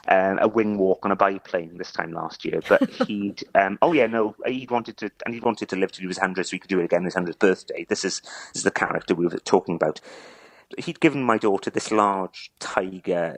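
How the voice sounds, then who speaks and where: A man recounting a neighbour's gift, halting and repeating words as he chokes up. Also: lowish voice, no room sound, low-quality recording. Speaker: interviewee, neighbour telling a story. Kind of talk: emotional phone interview.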